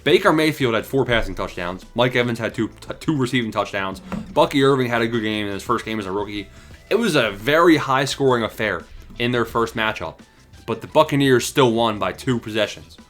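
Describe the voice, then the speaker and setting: A man's voice: mid-range voice, animated, fairly quick, a bit bright, faint music behind. A young man casually calling his football picks to viewers in slangy, hyped talk, out of breath. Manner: hyped, slangy, talks to viewers as "boys" and "bro". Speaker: sports predictions host. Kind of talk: casual sports betting talk.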